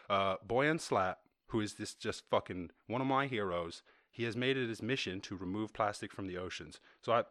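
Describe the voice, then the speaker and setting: Irish guy hosting a podcast, lowish voice, swears a lot, sarcastic and animated, dry close sound. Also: dry recording. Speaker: podcast host; software developer. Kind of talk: casual rant.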